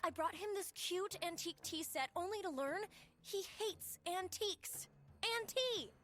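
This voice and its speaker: A woman's voice: very high-pitched, animated, unhurried, fairly bright tone, heavily acted. An actress voicing an eager young female genie sidekick who fawns over her master, over faint game music. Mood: chirpy. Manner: chirpy, fawning, calls player master.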